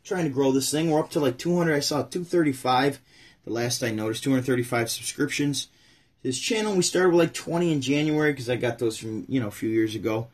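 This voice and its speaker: Blunt, husky-voiced male stream host. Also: medium pitch, fairly quick. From Syracuse, New York. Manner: blunt, ranting, chatty. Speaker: channel host. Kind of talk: casual opinion livestream.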